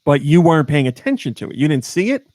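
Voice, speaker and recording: A man hosting a casual podcast and telling stories in an animated way, laughing often. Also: on the high side, fast talker, no room sound, studio quality. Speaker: podcast host. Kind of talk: casual chat.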